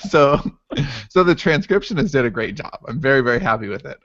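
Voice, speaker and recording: A man co-hosting a podcast in relaxed chat, easily amused and quick to laugh. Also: medium pitch, no room sound, dull audio. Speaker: podcast host.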